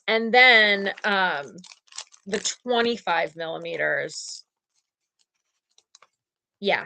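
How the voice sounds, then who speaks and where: Bright, gushing woman streaming live. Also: medium pitch. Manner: gushing, excitable, chatty with viewers. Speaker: livestream host. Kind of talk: casual live-stream chat.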